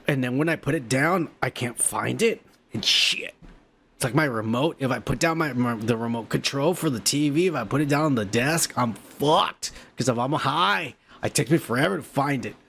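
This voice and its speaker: A male podcast host, drunk and high, rambling through profane, joking commentary. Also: moderate pace, creaky, a bit bright, a little hiss or hum. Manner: profane, rowdy, jokey.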